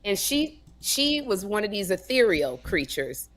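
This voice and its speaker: A woman co-hosting a comedy podcast, telling stories in a sassy, animated way and acting out voices. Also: medium pitch, measured pace. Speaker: podcast co-host. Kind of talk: casual comedic storytelling.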